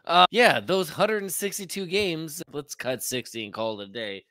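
A man's voice: a little high, wildly swooping pitch, unhurried, bright, forceful tone, no room sound, clean studio sound. A man co-hosting a podcast, introducing topics in casual chat and laughing easily. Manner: laughs easily, reacts with short interjections. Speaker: podcast co-host.

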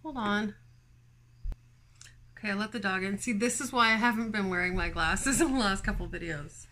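A woman's voice: medium pitch, moderate pace, bright, forceful tone. A woman hosting a home plant vlog, chatting casually to viewers with lots of fillers and little laughs. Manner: chatty, filler-heavy, giggly, talks to viewers. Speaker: plant channel host. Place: home, indoors.

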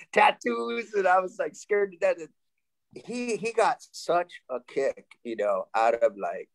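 A man in his sixties from Sacramento, California, telling lively stories as a panel guest, laughing and restarting often. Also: high voice, takes it slowly, gravelly, rough recording. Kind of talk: casual storytelling.

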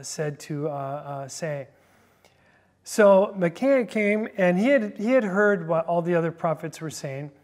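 A Bible teacher reading scripture aloud and then explaining it, with many hesitant fillers between phrases. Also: medium pitch.

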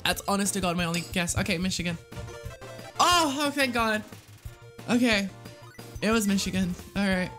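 Excitable streamer with faint music. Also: mid-range voice, normal speed, pauses often. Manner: excitable, laughs a lot, swears casually. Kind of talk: live game streaming chat.

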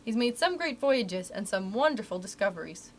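Reading aloud at a library story session, a woman lightly acts out a chatty, folksy male cat's-meat seller whose rustic talk drops letters. Her voice is medium-pitched with lively intonation at a normal speed, over slight background noise.

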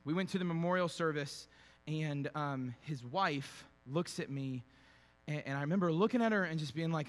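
A man preaching a sermon as a pastor, shifting from quiet conversational storytelling with fillers to loud, emphatic preaching. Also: fairly high pitch, normal speed. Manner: conversational, with fillers and repeated words. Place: church sanctuary.

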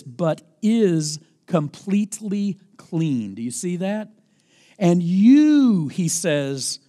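A man, a campus pastor, preaching a sermon with earnest, deliberate emphasis and an occasional self-deprecating aside. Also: high voice, dark tone. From United States.

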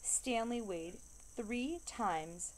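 A woman's voice: fairly high pitch, lively intonation, extremely slow, a little hiss or hum. Woman reading a novel aloud. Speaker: reader.

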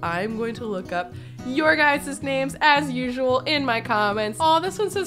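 A young American woman giving bubbly, excitable let's-play commentary and chatting with her viewers. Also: high-pitched, moderate pace. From United States. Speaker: gaming YouTuber. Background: faint game music.

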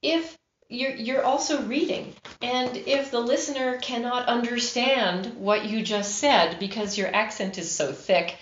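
Animated woman in a roomy recording. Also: fairly high pitch, measured pace, muffled recording. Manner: animated, expressive, laughs often. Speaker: audiobook narrator and producer. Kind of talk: interview conversation.

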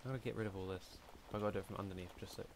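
A man's voice: on the low side, steady tone, very fast, noisy background. A young man giving casual let's-play commentary, chatty, talking to himself and humming as he plays. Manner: chatty, talks to himself, hums and mutters while playing. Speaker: gaming YouTuber.

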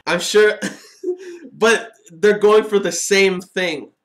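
A man giving casual, excitable reaction commentary while watching an anime, chatting and laughing as he goes. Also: high-pitched, takes it slowly.

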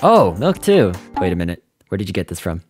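A man voicing his own cartoon character in excitable, quick reactions, full of surprised outbursts, over background music. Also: sits low. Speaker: host and animator of a game cartoon. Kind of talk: animated cartoon voice acting.

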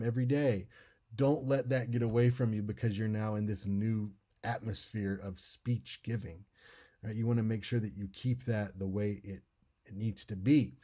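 A man's voice: medium pitch, warm tone. An American man giving an informal lecture on public speaking, conversational and repeating his key points.

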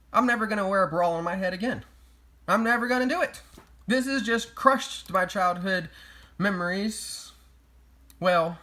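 A man's voice: sits high, a bit bright. A man delivering sarcastic, mock-outraged comedic commentary as a vlogger. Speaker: YouTube vlogger.

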